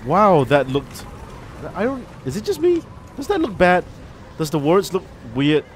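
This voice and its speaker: A man's voice: sits high, wildly swooping pitch, a little slow, a little hiss or hum. A man hosting a video game playthrough, chatting sarcastically and reacting aloud as he plays. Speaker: gaming channel host. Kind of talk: let's play commentary.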